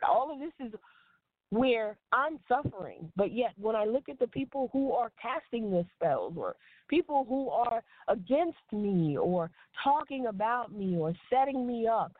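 A woman preaching a devotional sermon in an earnest, repeating cadence. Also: medium pitch. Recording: tinny phone-line sound, dry.

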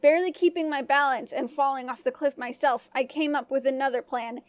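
A woman storyteller giving scripted first-person narration of a folk tale in an even, clear manner. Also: high-pitched, fairly quick, no echo.

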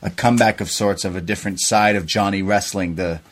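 A man's voice: sits low, fairly even intonation, brisk. A man from Canada co-hosting a podcast, casually recapping a wrestling show play by play. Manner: chatty, recaps events play by play. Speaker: podcast co-host. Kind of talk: casual wrestling review chat.

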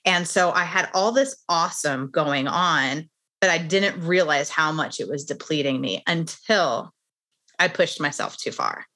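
A middle-aged woman guest speaking with a bright, forceful edge and a slightly low pitch. She tells her story earnestly and candidly, in a conversational interview. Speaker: podcast guest, author.

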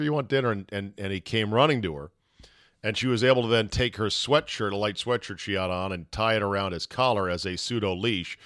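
A middle-aged man hosting a podcast, telling a personal story in casual, animated talk, acting out shouts and swearing now and then. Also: lowish voice, no room sound, studio quality. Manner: animated, acts out quoted shouts and panic. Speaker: podcast host.

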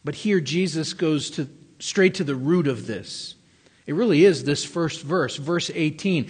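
Male pastor, earnest sermon, stresses words, slightly high-pitched, reverberant hall. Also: unhurried, breathy edge.

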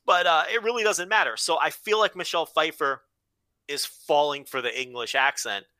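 Bright-voiced joking podcast host, man. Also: on the high side, moderate pace, no room sound. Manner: loose, profane, joking. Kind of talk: casual chat.

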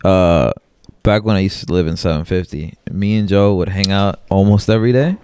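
A man's voice: deep voice, a little fast, darkish tone, slight background noise. A young man co-hosting a podcast, chatting casually, joking and swearing and laughing often. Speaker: podcast co-host. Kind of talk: casual chat.

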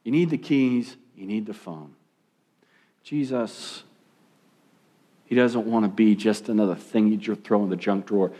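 A young adult man preaching a sermon as pastor, animated and swinging between loud emphasis and hushed asides. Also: on the low side, unhurried, pauses often.

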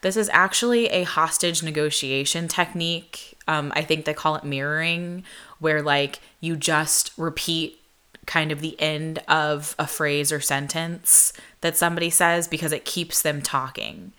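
A woman's voice: sits low, a little slow, clean tone. A young adult woman host telling a personal story in a casual, chatty way, heavy on "like" and acted-out quotes. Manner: chatty, animated, lots of "like", acts out quoted voices. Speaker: podcast host.

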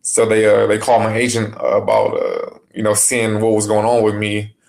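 A man speaking as a guest in a casual podcast interview, relaxed, with many fillers and restarts. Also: lowish voice, normal speed, creaky. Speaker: basketball player guest.

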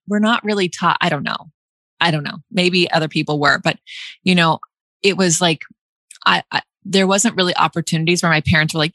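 Young woman hosting, chatty, laughs a lot, lowish voice, dry sound. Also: normal speed, fairly bright tone, no room sound. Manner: chatty, laughs often, many restarts and likes. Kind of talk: casual chat.

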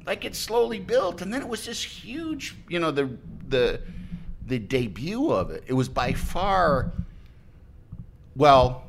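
A man's voice: a little high, very animated, takes it slowly, gravelly, slight background noise. A man on a podcast as a guest, chatting casually and telling a rambling anecdote, often breaking off mid-sentence and acting out what people said. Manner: rambling, self-interrupting storyteller who acts out quotes.

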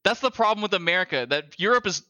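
A man co-hosting a casual podcast over a video call, playful and quick to slip into goofy accent impressions. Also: sits high, lively intonation, bright, forceful tone, dry recording, dull audio. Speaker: podcast co-host. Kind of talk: casual chat.

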